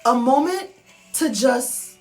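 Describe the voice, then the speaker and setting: Earnest woman with soft music behind. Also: high-pitched, expressive, slow. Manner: earnest, repetitive, heartfelt. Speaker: vlogger. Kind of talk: personal motivational monologue. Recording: soft music underneath, mic at a distance.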